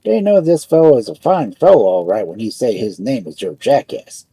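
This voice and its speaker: A man's voice: mid-range voice, sing-song, normal speed, creaky, warm tone, breathy edge. A man telling a folk tale, narrating in broken immigrant English. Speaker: storyteller.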